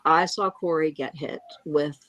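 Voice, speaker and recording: A woman giving a halting, emotional eyewitness account, often breaking off and restarting. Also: low voice, fairly even intonation, a bit bright, no echo, lo-fi sound. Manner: angry and frustrated. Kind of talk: emotional first-hand account.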